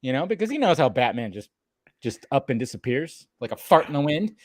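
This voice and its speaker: Laughing, animated male podcast host. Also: medium pitch, fairly quick, no echo, studio quality. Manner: animated, laughs often while talking. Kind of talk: casual chat.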